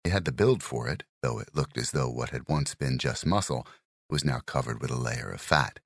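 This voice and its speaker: A man narrates a crime thriller with an exceptionally deep, bass-heavy voice. His delivery is measured and even, in steady storytelling. The recording is close and completely dry, with no room sound. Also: gravelly, no room sound. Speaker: audiobook narrator.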